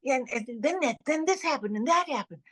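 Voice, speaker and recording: A woman voicing a tough, brash working-class woman with a South Boston accent and a high, pushy storytelling voice. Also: animated, fairly quick, a bit bright.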